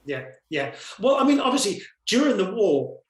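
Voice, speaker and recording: A man's voice: high voice, big pitch swings, moderate pace. A man from the UK with a British accent, a guest talking animatedly and often repeating words as he thinks. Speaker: guest videographer. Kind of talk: casual conversation. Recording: echoey room.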